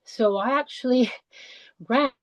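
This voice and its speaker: A woman guest on a podcast, telling her own story in a halting, heartfelt way with many restarts and fillers. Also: on the high side, dry recording, low-quality recording. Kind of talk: personal conversational storytelling. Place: lives in the English countryside.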